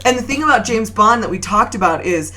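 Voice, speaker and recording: A woman hosting a casual film podcast, animated and laughing often, with frequent swearing. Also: medium pitch, a little fast. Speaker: podcast host.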